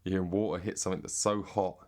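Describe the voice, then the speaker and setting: An English man in a rambling, sweary deadpan comic monologue. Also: deep voice, fast talker. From Britain. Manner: rambling and sweary, drifting into mock accents. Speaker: comedic monologue host.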